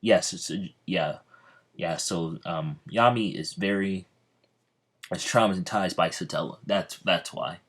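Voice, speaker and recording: A man's voice: low-pitched, unhurried, a bit bright, husky. A man telling a fan-made story in a hesitant, rambling way, full of ums and restarts. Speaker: channel host.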